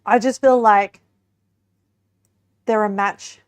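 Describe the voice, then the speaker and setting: While preparing and sampling a pie, a young woman streamer speaks slowly in a steady, mid-range voice. She's chatty with her viewers, talks to chat as she eats, and giggles from time to time.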